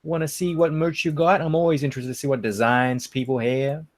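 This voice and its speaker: A man's voice: a little high, little pitch movement, brisk, no room sound, clean studio sound. An Australian man in his thirties co-hosting a late-night livestream chat, joking and swearing freely. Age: 30s. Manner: joking, swears freely, slips into put-on accents. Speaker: co-host.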